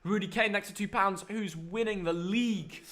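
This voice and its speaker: A young man from northern England hosting a casual football reaction chat, excitable and chatty. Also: high voice. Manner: excitable, chatty, quick to butt in. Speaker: host of a football reaction stream.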